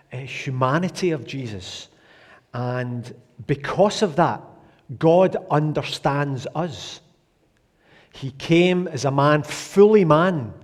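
Pastor in a reverberant church. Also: male voice, on the high side, darkish tone. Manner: chatty and jokey, with restarts. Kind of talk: sermon. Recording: long reverb of a church hall.

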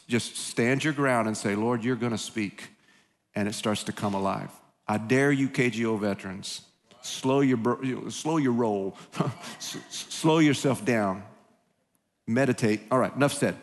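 Male pastor, relaxed conversational sermon, joking asides, quick bursts, restarts, long hall reverb. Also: mid-range voice.

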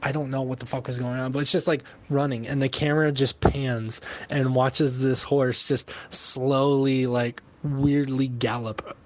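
A man recording a casual voice message, telling a story in a profane, animated way. His pitch sits in the ordinary middle range for a man. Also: unhurried, hardly any pauses. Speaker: podcast host.

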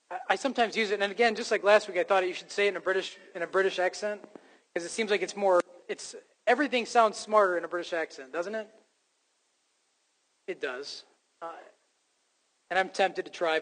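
A man preaching a sermon as pastor, speaking emphatically and joking at his own expense. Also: high voice. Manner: emphatic preaching with self-deprecating jokes. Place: church sanctuary. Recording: long hall reverb from a church sanctuary.

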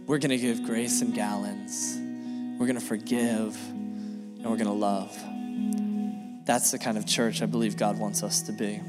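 A man's voice: lowish voice, flat delivery, a little slow, long pauses, over loud music. A male pastor giving an earnest sermon, repeating key phrases and acting out bits of dialogue. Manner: earnest, repetitive preaching with acted dialogue. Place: church sanctuary. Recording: long reverb of a church hall.

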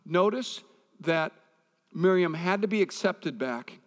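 Man, pastor, conversational sermon, fairly high voice, long hall reverb. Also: lively intonation, slow pace. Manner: conversational preaching with personal stories.

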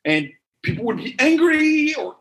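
High-voiced man preaching with animated repetition. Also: moderate pace, rough recording. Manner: animated storytelling with repeated phrases. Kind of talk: sermon.

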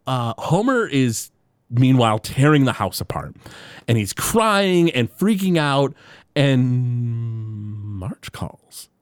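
Recapping an episode on a casual podcast, this male co-host tells the story animatedly and voices the quotes himself. His voice sits in the mid range, with no echo.

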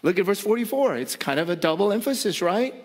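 A male pastor delivers a sermon in a high, emphatic voice. He drives his points home by repeating words and firing rhetorical questions at his listeners. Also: very animated, fast talker.

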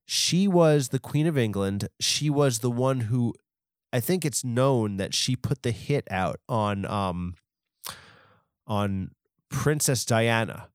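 Rambling deadpan man hosting a comedy podcast. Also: mid-range voice, no room sound, clean studio sound. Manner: rambling, deadpan, absurd asides. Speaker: podcast host.

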